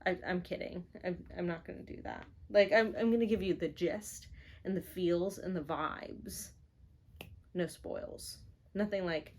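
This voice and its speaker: A woman's voice: lowish voice, unhurried. A woman vlogging from her home office in a rambling, casual chat full of fillers, playful and self-mocking. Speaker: book vlogger.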